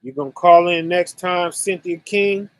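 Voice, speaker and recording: A man hosting a religious online conference, teaching scripture casually and speaking slowly and deliberately to his chat viewers, often asking "right?". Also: high-pitched, no room sound. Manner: slow and deliberate, addressing chat viewers directly; conversational, with frequent "right?" and "you know".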